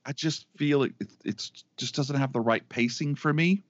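A middle-aged man chatting as a podcast co-host, rambling with eager restarts. His voice sits at an ordinary pitch. The sound is dry and a bit dull, as if recorded on a modest mic. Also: moderate pace, dry recording. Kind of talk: casual chat.

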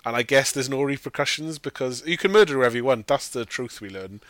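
A man hosts a casual film review, mocking the characters and laughing through his sentences. His voice sits at an ordinary middle pitch. The sound is close and dry, with no room around it. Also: lively intonation, a little fast, a bit bright, dry recording. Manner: swears freely, mocks characters in put-on quotes, laughs while talking. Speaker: podcast host.

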